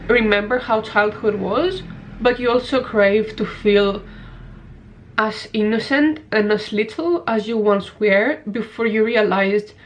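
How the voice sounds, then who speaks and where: Young woman, vlogger, gushing and emotional, tearful at times. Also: on the high side. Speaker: video essay creator. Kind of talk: emotional personal vlog.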